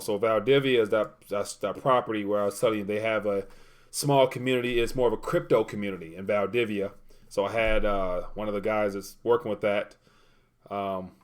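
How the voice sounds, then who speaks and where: A man hosting a casual livestream, reading viewer comments aloud and rambling while he looks things up. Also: on the low side. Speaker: livestream host.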